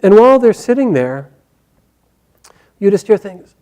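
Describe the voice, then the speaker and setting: A man's voice: high-pitched, lively intonation, moderate pace, long pauses, mellow. A man casually retelling an epic story in a conversational way, often repeating and restarting phrases.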